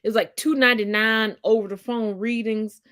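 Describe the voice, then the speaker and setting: A woman co-host ranting in casual podcast chat, blunt and full of profanity. Her voice sits a touch high for a woman. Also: steady tone, moderate pace, a bit bright, dry recording, clean studio sound.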